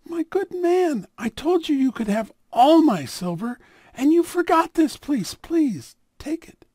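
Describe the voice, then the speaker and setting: A man voicing a meek, gentle old rabbi. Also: extremely high pitch, very animated, unhurried, dry recording, voice pushed up, full character voice. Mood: pleading. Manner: soft, polite, quietly firm.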